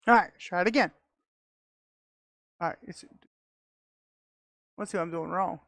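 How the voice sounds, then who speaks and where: A woman giving casual, excitable commentary as she plays a video game, talking to herself and laughing often, recorded on a close mic. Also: lowish voice, moderate pace, dry recording. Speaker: gamer.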